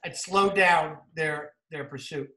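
A man with a New Jersey accent, a football coach giving a clinic talk over game film in an energetic, repetitive coaching way. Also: fairly high pitch, slow. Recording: roomy echo.

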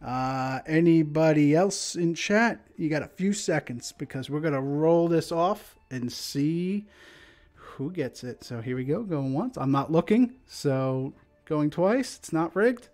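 A man's voice: on the high side, expressive, unhurried, darkish tone. A man hosting a livestream in casual chat, laid-back and rambling, often laughing. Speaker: stream host.

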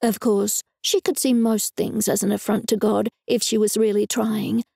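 A woman's voice: medium pitch, little pitch movement, normal speed, gravelly, warm tone, dry recording. A woman narrating a cozy mystery novel in the first person, in a wry, dry manner. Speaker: audiobook narrator.

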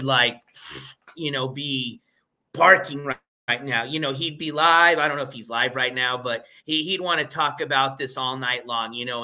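A man's voice: medium pitch, bright, forceful tone. A man hosting a casual livestream, laughing often and rambling with fillers and restarts, turning scornful and mocking. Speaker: livestream host.

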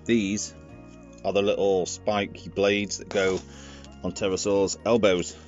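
Male toy reviewer, lowish voice, casual and rambling. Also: flat delivery, unhurried, muffled recording, faint music behind. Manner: chatty and rambling, jokey asides.

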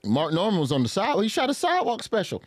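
Fast-talking animated male comedian. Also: high-pitched, no room sound. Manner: animated, profane, riffing. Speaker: guest comedian. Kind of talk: casual chat.

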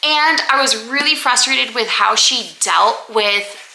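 A young woman reviewing books in a casual vlog, rambling and animated, with frequent "like" fillers. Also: on the high side, takes it slowly, creaky, poor audio. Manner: animated, rambling, heavy use of "like". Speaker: book vlogger.

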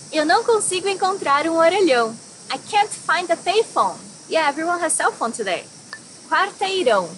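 A woman from Brazil teaching a language lesson, saying example words slowly and carefully and then explaining them. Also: high voice, a bit bright, slight background noise.

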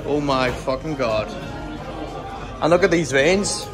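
A young man talking to camera in a casual vlog, excited and rambling, with lots of swearing and restarts. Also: medium pitch, takes it slowly, music in the background, a crowd in the background. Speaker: bodybuilder vlogger.

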